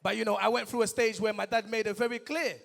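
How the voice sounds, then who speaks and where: Young male comedian from Congo, gravelly high voice, stage host in a reverberant hall. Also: quick pace. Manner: animated, addresses the crowd directly. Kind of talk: stand-up storytelling at a live event. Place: large event hall, on stage.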